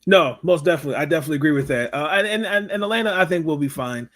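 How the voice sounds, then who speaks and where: A man hosting a sports talk podcast, chatting over a video call. He talks hesitantly, repeating words and filling pauses with fillers. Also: a little high, animated, a bit bright. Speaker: podcast host. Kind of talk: casual interview chat.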